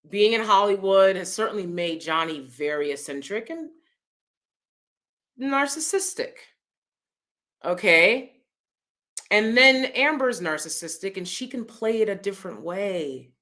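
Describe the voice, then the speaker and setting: A woman hosting her own vlog, talking through celebrity news in a chatty, expressive way and laughing often. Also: medium pitch. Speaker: vlogger host. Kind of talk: casual opinion commentary.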